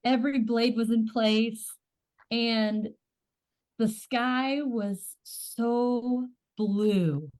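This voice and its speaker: A woman's voice: fairly high pitch, very slow, a little mellow. Eager woman podcast host. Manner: curious, eager, searching for words. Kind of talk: casual chat.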